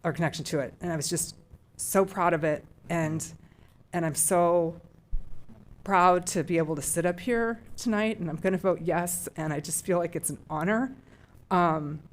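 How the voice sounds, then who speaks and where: A middle-aged woman with a low voice speaks at a public school board meeting. Her remarks are heartfelt and emotional, full of restarts and trailing phrases as she shares what the decision means to her. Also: normal speed.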